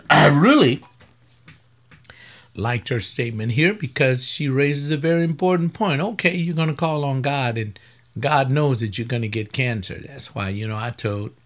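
A man who is a pastor giving webcast commentary, rambling and conversational with blunt rhetorical questions, tired and aching, sometimes dropping low and quiet and then rising sharply when he argues. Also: unhurried, long pauses. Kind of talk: webcast commentary reading and answering a paper.

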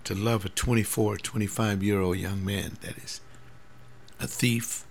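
A man's voice: on the low side, fairly even intonation, a little slow, vocal fry, slight background noise. A man in his seventies, a pastor, talking earnestly in a rambling personal monologue, often repeating words. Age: 70s.

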